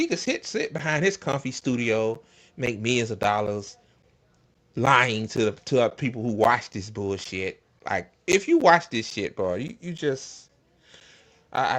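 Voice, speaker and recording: A man's voice: lowish voice, fairly bright tone. A man hosting a casual political commentary stream, ranting in a profane, exasperated way. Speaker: host.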